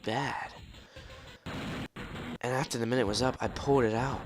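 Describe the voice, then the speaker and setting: A man's voice: medium pitch, fairly even intonation, normal speed. A tired, yawning man casually telling a long story, rambling and repeating himself as he goes. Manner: rambling, repeats words and restarts often. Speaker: storyteller recounting a dream. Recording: music playing clearly behind the voice. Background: music.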